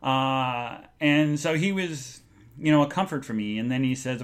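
Earnest, halting male podcast host. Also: medium pitch, clean tone. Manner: halting and earnest, with many restarts. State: emotional, recounting grief. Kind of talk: solo live podcast monologue.

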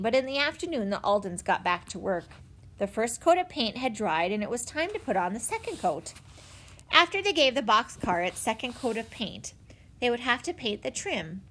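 A woman narrating a children's chapter book in an expressive storytelling manner. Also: on the high side. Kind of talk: audiobook narration.

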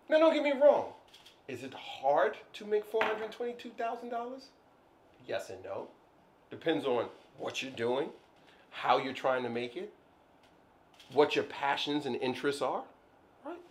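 Male podcast co-host, animated storyteller, high and very expressive. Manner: animated storyteller, acts out scenes. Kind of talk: casual chat.

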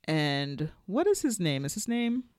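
Animated woman podcast co-host, dry sound. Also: fairly low pitch, a little slow, no room sound. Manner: animated, acts out characters' lines in quotes. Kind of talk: casual review chat.

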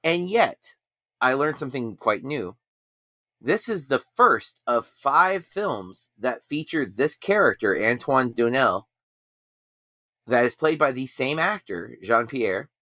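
A man hosts a podcast in loose, rambling chat, often poking fun at himself. His voice is bright and forward. The recording is dry and close, with no room sound. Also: medium pitch, sing-song, takes it slowly, no echo. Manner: rambling, self-deprecating. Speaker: podcast host. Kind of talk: casual chat.

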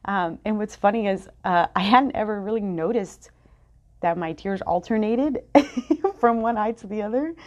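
A woman hosting a podcast, sharing a candid, rambling personal reflection full of fillers and restarts, just after crying. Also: lowish voice. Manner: candid, rambling, many fillers and self-corrections. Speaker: podcast host. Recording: dull lo-fi sound.

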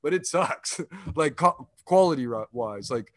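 A man's voice: fairly high pitch, animated, a little slow, slight background noise. A man co-hosting a casual comedy podcast, joking crudely with lots of filler words and laughter. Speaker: podcast co-host.

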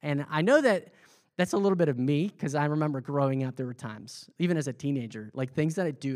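A man with a fairly high voice leads a group Bible study, talking loosely with fillers and restarts. He keeps checking in with his listeners, asking questions and echoing what they say. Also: fairly quick, a little mellow. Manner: conversational, asks the group questions and repeats their answers. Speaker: pastor leading a Bible study. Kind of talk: interactive sermon teaching.

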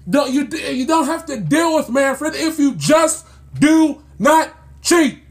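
A man's voice: very high-pitched, expressive, takes it slowly. A man ranting in sports commentary, exasperated and scolding, repeating himself as he builds his point.

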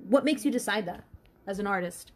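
A woman's voice: medium pitch, brisk, noisy background. A woman co-hosting an interview, asking curious, rambling questions in a casual chat. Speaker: co-host.

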